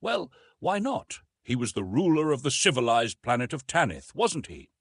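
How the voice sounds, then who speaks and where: A man reading a science-fiction audiobook aloud in an expressive, storytelling way. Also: medium pitch, brisk, slightly rough, no echo. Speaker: audiobook narrator. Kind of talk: scripted audiobook narration.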